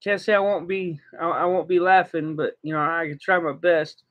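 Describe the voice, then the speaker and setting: A man's voice: steady tone, moderate pace. A man chatting casually while reacting to something, breaking into frequent laughter. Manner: laughs often, giggly high laughter. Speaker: vlogger reacting. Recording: dull lo-fi sound.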